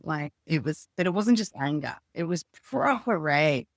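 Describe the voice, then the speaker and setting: A woman in her thirties, a podcast guest speaking casually and reflectively, thinking aloud with pauses. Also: low-pitched, lively intonation, no room sound, studio quality. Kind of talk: casual conversation.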